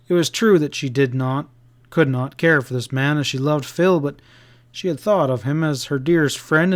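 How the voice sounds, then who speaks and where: Man, audiobook narrator, steady measured reading, slightly high voice. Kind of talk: scripted narration.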